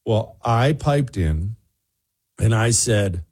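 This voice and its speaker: A man hosting a radio show, telling a funny story to his co-host in a lively, joking way. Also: medium pitch, a little slow, breathy edge. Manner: lively, joking storyteller who mimics other people's voices. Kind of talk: casual on-air storytelling to a co-host.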